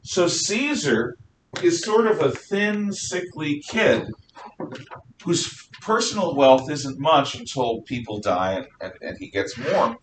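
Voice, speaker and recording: A man teaching a history class, telling the story in an animated way with jokes, asides and restarts. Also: a little high, takes it slowly. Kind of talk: classroom lecture. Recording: distant mic, faint background noise.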